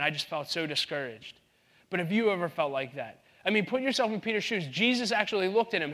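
Bright-voiced man preaching earnestly. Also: fairly high pitch. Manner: earnest, conversational preaching with frequent restarts. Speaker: pastor. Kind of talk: sermon.

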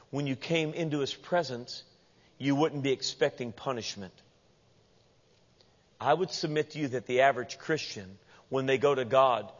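A man preaching a sermon as pastor, animated and playful, acting out the voices of the people he quotes. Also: mid-range voice. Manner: animated, acts out quoted voices with humorous asides. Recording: dull lo-fi sound with long hall reverb.

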